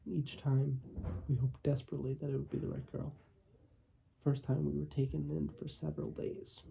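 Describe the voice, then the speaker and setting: A man's voice: a little high, little pitch movement, normal speed, vocal fry, dark tone, slight background noise, low-quality recording. A man voicing a stern, grieving older father who speaks formally. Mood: grave. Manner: grave, formal pleading.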